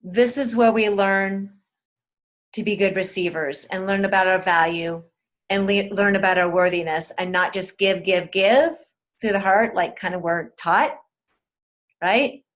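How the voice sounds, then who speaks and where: A woman teaching a spiritual webinar in a gentle, soothing way, talking straight to her listeners and repeating key words. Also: mid-range voice, unhurried.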